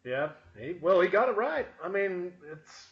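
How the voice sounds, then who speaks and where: A man's voice: high-pitched, big pitch swings, a little slow. A man co-hosting a podcast in casual chat, laid-back with short agreeing remarks. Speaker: podcast co-host. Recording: dull lo-fi with faint noise.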